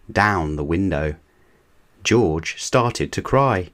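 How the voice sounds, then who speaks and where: A man reading a children's storybook aloud as narrator, in a measured, even way. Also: low-pitched.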